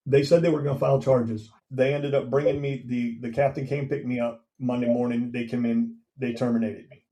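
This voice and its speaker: Guy in his 50s, podcast guest telling a story, mellow voice, regular pitch. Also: poor audio. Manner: recounts events plainly, acting out quoted dialogue. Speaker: guest, veteran and former police officer.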